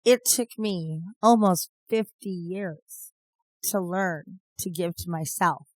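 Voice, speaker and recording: A woman's voice: fairly low pitch, slow pace, a little mellow, no echo. A woman in her fifties co-hosting a podcast, chatting casually and rambling through stories. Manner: rambling, storytelling, laughs often. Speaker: podcast co-host. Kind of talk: casual chat.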